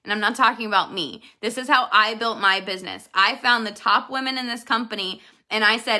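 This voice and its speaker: A woman's voice: a little high, normal speed, sharp tone. A woman giving an earnest, direct motivational talk to her network marketing team, speaking straight to her viewers. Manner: earnest, direct, addresses viewers as "you guys". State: emotional, near tears at times.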